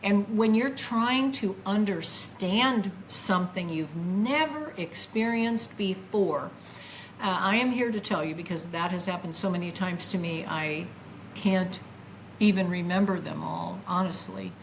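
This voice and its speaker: An older woman, a guest, tells her own story with feeling and acts out her past words in a lively voice. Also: mid-range voice, a little slow, a little hiss or hum, low-quality recording. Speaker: guest recounting a near-death experience. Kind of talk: emotional first-person storytelling.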